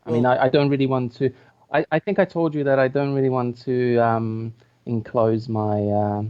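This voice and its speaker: A man's voice: mid-range voice, fairly even intonation, normal speed, clear, resonant tone. Hesitant man over dull lo-fi audio. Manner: hesitant, lots of fillers and restarts. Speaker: co-host. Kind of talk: casual chat.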